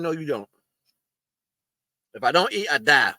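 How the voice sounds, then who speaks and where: A man's voice: a little high, very animated, unhurried, long pauses, pushed and bright, no echo. A man talking casually to camera, giving blunt, streetwise spiritual advice and eating while he talks. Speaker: spiritual video host.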